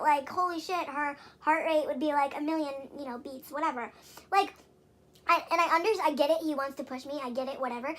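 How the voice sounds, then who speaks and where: A woman's voice: high-pitched, moderate pace, a bit bright. A young woman vlogging at home, rambling and exasperated, with lots of fillers and swearing. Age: young adult. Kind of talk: casual venting vlog.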